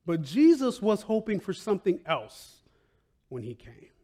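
A man pastor preaching a sermon in a conversational, animated way, laughing often and tossing in "right?" and "like". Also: sits high, measured pace. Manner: animated, bursts into loud excited outcries, laughs often.

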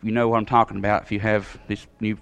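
A man telling a long personal story in a sermon, in a folksy, animated way with sudden jumps in pitch. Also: quick pace, gravelly, clean tone.

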